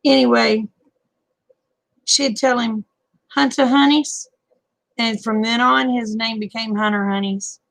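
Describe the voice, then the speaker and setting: Folksy older woman, gravelly. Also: fairly high pitch, steady tone, unhurried, fairly bright tone, no room sound. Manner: folksy, calls people honey and babe. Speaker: live stream host. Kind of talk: casual late-night chat with viewers.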